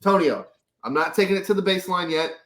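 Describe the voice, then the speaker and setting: Guy co-hosting a sports chat, quick dry jabs, a bit high, echoey room. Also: a bit bright. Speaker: podcast co-host.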